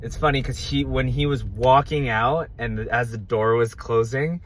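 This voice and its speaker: A young man vlogging to camera, telling a casual story with quick asides and acted-out quotes. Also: medium pitch, a little hiss or hum.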